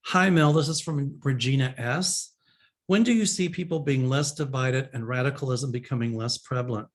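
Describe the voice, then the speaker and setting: Psychic guy answering viewer questions, rambly, lots of ums, mid-pitched voice. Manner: rambling, many fillers. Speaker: psychic show host.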